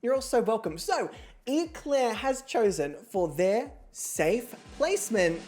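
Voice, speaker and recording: A woman's voice: on the high side, big pitch swings, slow pace, a little mellow, faint music behind. A woman hosting an online reality game show livestream in a playful, theatrical way, with casual swearing. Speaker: host.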